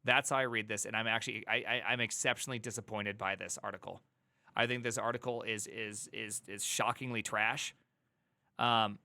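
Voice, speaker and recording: A man's voice: mid-range voice, sharp tone, no echo. A man streaming live, reacting angrily to an article in a heated rant full of stammering restarts. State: angry and upset.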